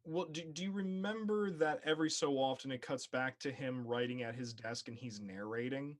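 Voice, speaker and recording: Man co-host, mid pitch, casual and chatty, laughs easily. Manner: chatty, quick to laugh, breaks into quotes. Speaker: podcast co-host. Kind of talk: casual chat.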